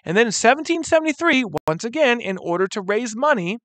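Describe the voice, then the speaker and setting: A man teaching a history lesson in an animated way, who keeps calling his listeners "guys" and briefly acts out quotes. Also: very high voice, quick pace, no echo. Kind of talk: recorded history lecture.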